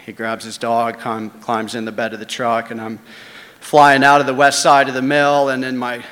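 Bright-voiced man telling a story. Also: medium pitch, completely flat delivery, normal speed, big-room sound. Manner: swings between hushed asides and loud dramatic beats. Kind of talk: live first-person storytelling.

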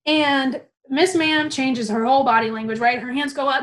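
A young woman recounts a personal story with animated, casual energy, swearing freely. Her high voice moves between quiet asides and vivid bursts at a normal speed with few pauses, and the recording is rough.

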